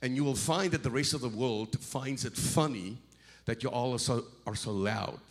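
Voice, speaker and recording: A middle-aged South African man, visiting as a guest preacher, delivers an animated sermon at normal speed and medium pitch. He repeats words and his voice swells into shouts.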